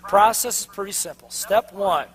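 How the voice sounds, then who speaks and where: A man in a live sales seminar, a trainer who keeps throwing quick questions at his audience and making them answer back. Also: high voice. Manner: energetic, call-and-response questions to the crowd; drops to a mocking tone for the inner doubting voice.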